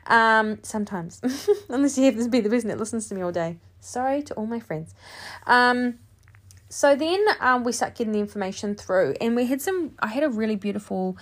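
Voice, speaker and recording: Chatty, nonstop-talking woman medium. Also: mid-range voice. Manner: chatty, talks in a continuous flow without pauses. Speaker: psychic medium. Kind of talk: casual chat to viewers.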